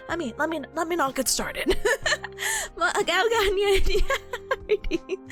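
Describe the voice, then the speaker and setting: Bubbly high-voiced woman streamer. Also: a bit bright. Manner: bubbly, giggly, rambling. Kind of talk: live-stream chat.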